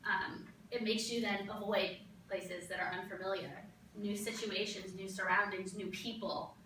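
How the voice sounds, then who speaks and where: A woman's voice: mid-range voice, steady tone, measured pace, sharp tone, a little hiss or hum. A young woman giving a graduate capstone presentation, earnest and explanatory, with frequent ums, in a classroom. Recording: echoey room, recorded from a distance.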